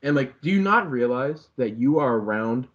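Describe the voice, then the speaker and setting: A man's voice: medium pitch, expressive, normal speed. A young man co-hosting a podcast, rambling and swearing as he retells a reality show episode and acts out the quotes. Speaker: podcast co-host. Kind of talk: casual chat recapping a reality show. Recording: slightly dull lo-fi podcast audio.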